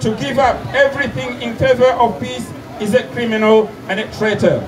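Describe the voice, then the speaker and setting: High-voiced man declaiming at a street rally. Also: steady tone, moderate pace, a crowd in the background. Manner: declamatory, denouncing, repeats and restarts phrases. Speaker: protest speaker. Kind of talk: political rally speech. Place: outdoor city square at a street protest. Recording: distant mic, loud outdoor street noise with traffic.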